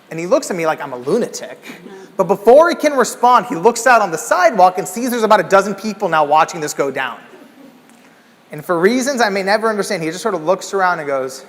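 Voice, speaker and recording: Man, high voice, animated storytelling keynote, large hall reverb. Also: quick pace. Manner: animated, acts out scenes with loud exclamations. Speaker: keynote speaker.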